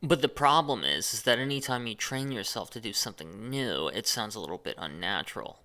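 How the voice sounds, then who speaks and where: A man's voice: on the low side, lively intonation, a little fast, sharp tone. Man talking in chopped, over-stressed phrases. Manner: chopped, overly emphasized phrasing; unedited, speaks off the cuff. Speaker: channel host. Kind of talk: deliberate monologue to camera.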